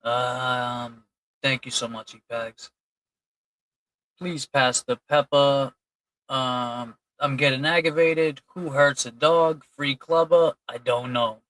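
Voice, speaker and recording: A man's voice: mid-range voice, pushed and bright, no echo, low-quality recording. A man hosting a casual livestream, reading out and thanking chat donors in a loose, chatty way. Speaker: livestream host.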